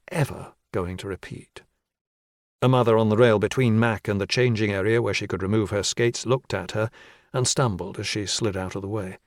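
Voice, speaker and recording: Steady male audiobook narrator. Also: fairly low pitch, dry recording, clean studio sound. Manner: steady, measured reading. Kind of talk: scripted narration.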